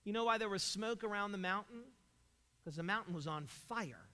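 A man's voice: high-pitched, animated, moderate pace, bright, forceful tone. A man preaching a sermon, emphatic and full of rhetorical questions. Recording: long hall reverb.

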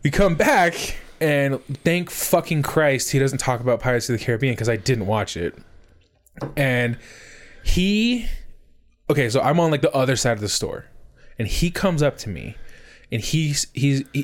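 A man's voice: medium pitch, big pitch swings, unhurried. A young man telling a rambling story on a podcast. He swears a lot and often restarts his sentences. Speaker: podcast co-host. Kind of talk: casual storytelling banter.

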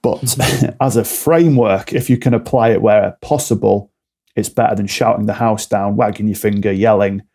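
A fairly low, dark voice with a steady tone at normal speed belongs to a man who is an alcohol-free coach on a podcast. He talks candidly, frequently acting out mini dialogues to get his points across.

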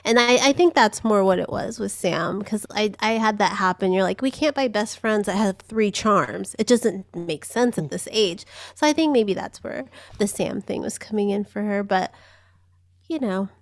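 A giggly, enthusiastic woman co-hosting a podcast in relaxed chat. Her voice sits at a middle pitch for a woman. The recording is dry and close. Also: normal speed, no room sound. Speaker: podcast co-host. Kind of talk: casual chat.

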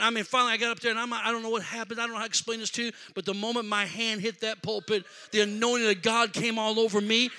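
A man preaches with a high, piercing, bright voice. He tells his story in a quiet, hushed way, then builds to forceful shouting. It is a lively sermon delivered from the pulpit. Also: slight background noise. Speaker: pastor.

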